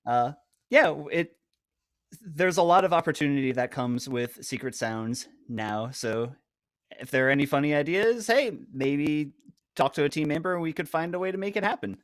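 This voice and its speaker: A man's voice: fairly high pitch, lively intonation, moderate pace, no room sound, clean studio sound. A man on a marathon team, explaining with many fillers in a casual panel Q&A.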